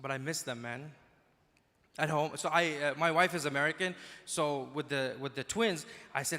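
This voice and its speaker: A man from Dubai doing a stand-up comedy set, talking quickly and slipping into put-on accents, recorded live in a large hall. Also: on the high side, sharp tone.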